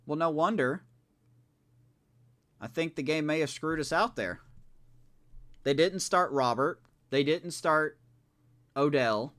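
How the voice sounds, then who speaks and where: A man's voice: a little high, takes it slowly, pauses often. A man streaming a baseball video game live, reacting casually and with exasperation as he plays. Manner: animated, talks to himself, exasperated reactions. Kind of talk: casual live gameplay commentary.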